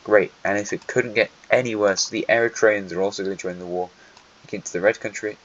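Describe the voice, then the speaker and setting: Wry low-voiced man narrating a map. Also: steady tone, fairly quick. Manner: dry, joking asides that address countries directly. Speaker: narrator of an alternate history map series. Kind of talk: casual wry map commentary. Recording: lo-fi with faint hiss.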